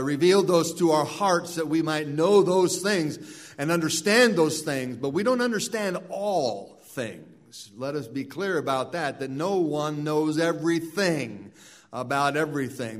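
A man's voice: on the high side, lively intonation, normal speed. A man preaching a sermon in an earnest way, often repeating words and restarting phrases. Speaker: pastor.

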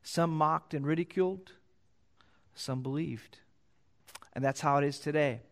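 A pastor preaching a sermon, reading scripture aloud and repeating key phrases for emphasis. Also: male voice, unhurried. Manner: reads scripture louder and higher, then drops low to explain.

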